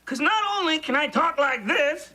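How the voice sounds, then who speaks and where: A man's voice: very high-pitched, animated, moderate pace, exaggerated voice. An actor voicing a sarcastic, foul-mouthed male stuffed bunny who trades caustic, mocking insults. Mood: scornful. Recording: sitcom audio with loud laugh track and noise.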